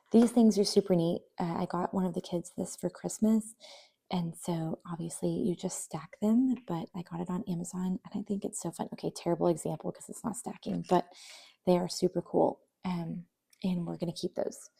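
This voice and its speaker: A woman's voice: on the low side, fairly even intonation, normal speed, vocal fry, dark tone, slightly rough. A young woman chatting casually while sorting her kids' toys, often trailing into near-whispers. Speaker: vlogger. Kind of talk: casual voice-over while decluttering.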